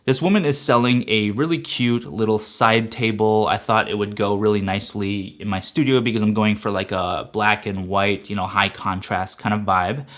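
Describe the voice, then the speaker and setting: A young man telling a casual storytime rant, exasperated and animated, acting out his side of the conversations. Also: fairly low pitch, moderate pace, few pauses. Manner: exasperated, animated, quotes people in dialogue. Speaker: YouTuber.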